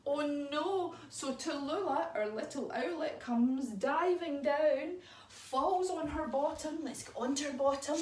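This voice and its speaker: A woman leading a children's yoga story lesson in an animated, encouraging, sing-song way. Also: high-pitched, measured pace. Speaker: kids yoga teacher. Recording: echoey room, mic far off, faint noise.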